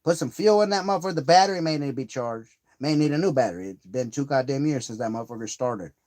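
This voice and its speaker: A man's voice: medium pitch, expressive, quick pace, a little mellow. A man telling a rambling, profanity-heavy story on a live stream, getting heated as he retells a grievance. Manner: profane, rambling, swears constantly.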